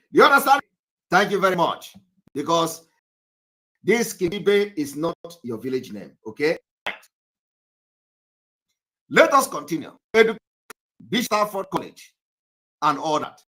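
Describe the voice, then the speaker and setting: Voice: medium pitch, sing-song, unhurried, pauses often, fairly bright tone, poor audio. A speaker giving livestream political commentary, lecturing viewers emphatically with repeated rhetorical questions.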